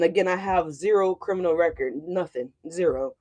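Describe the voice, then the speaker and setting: At a moderate pace with few pauses, a tarot reader delivers a profane, blunt rant in casual livestream chat. The pitch stays middling while the volume climbs and drops with the story, and "you know what I'm saying" comes up again and again as the reader asks if listeners follow.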